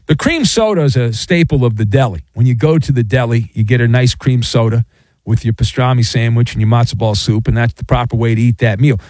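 A man's voice: medium pitch, fairly quick, darkish tone, no echo. Joking male radio host, dry studio sound. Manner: rambling, joking, reads listener messages aloud. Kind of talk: casual sports radio talk. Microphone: studio microphone.

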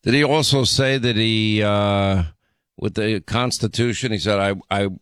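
A man's voice: lowish voice, steady tone, a little slow, fairly bright tone, smooth, no echo. A man hosting a radio and podcast show, talking in an indignant, emphatic way with many restarts. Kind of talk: talk radio commentary. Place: radio studio.

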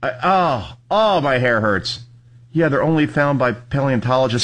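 Animated sarcastic man hosting commentary. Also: mid-range voice, moderate pace. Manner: animated, mocking, yells in bursts. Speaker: host. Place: studio in New Jersey.

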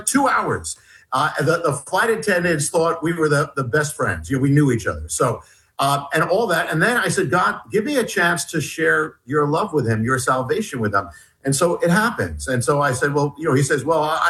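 A man, an author being interviewed, retelling a story in a rambling way, with many halting restarts. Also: a little high, fairly bright tone, low-quality recording. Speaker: author and guest.

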